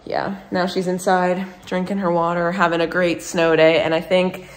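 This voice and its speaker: A young woman talking casually to the camera for her vlog, chatty and excitable, full of fillers. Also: on the low side, moderate pace. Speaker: vlogger.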